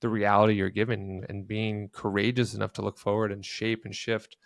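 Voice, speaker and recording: A man's voice: on the low side, flat delivery, fairly quick, vocal fry, dry recording, clean studio sound. A man co-hosting a podcast, telling a personal story in an earnest, reflective way. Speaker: podcast co-host. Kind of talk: casual podcast conversation.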